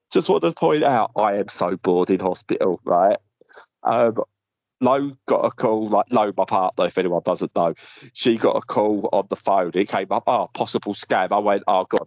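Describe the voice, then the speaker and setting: Low-voiced man rambling through a story. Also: darkish tone, no room sound, lo-fi sound. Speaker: podcast co-host. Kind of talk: casual chat. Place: hospital room.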